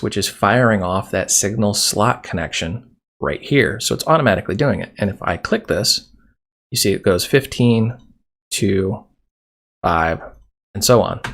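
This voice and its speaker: Gravelly-voiced man teaching code. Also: on the low side, a bit bright. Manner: casual, chatty, jokes while typing code. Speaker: programming instructor. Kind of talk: screen-recorded coding tutorial.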